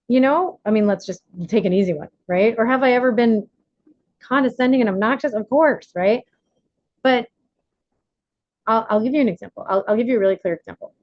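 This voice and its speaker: A woman facilitating an online recovery workshop on a video call, animated, acting out quotes with big jumps in pitch. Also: fairly quick, pauses often, dry recording, lo-fi sound.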